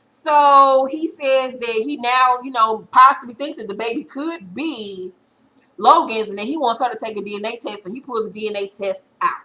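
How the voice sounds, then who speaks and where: A woman in her thirties rattles through a reality-TV recap in a casual, blunt, profane way. Her voice is bright and forceful, sitting a bit high. She tells the story with animated energy. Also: moderate pace, rough recording. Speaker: TV recap vlogger.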